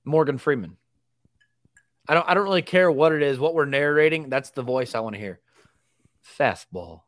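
A man co-hosting a casual sports podcast, telling animated stories and acting out quotes. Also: fairly high pitch, a little fast, no room sound. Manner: animated storyteller, acts out quotes. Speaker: podcast co-host.

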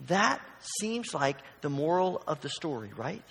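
A man's voice: a little high, sing-song, unhurried, vocal fry, hardly any pauses, a bit bright, in a large hall. A man preaching a sermon in a conversational, storytelling way, acting out the voices in his stories. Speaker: pastor.

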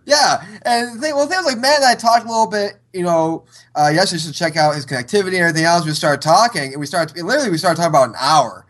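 Talkative podcast host guy, kinda high voice, easygoing. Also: very fast, hardly any pauses. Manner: relaxed, talkative, chatty. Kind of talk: casual chat.

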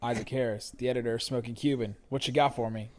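A man hosting a casual sports podcast, chatty and laughing often as he tells animated anecdotes. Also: medium pitch, fast talker, slight background noise. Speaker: podcast host. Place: Dallas area.

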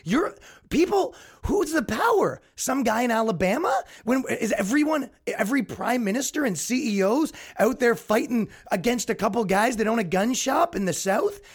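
Young man, podcast host; exasperated comedic ranter, high-pitched and very animated. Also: moderate pace, slightly rough. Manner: exasperated, ranting, mocks others in put-on voices. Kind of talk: solo comedic rant.

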